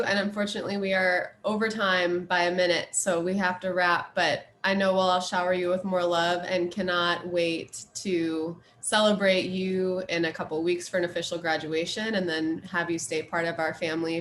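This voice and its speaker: A woman's voice: on the low side, little pitch movement, moderate pace, few pauses, fairly bright tone. A woman on the school staff closing a video call gathering. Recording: roomy video call audio.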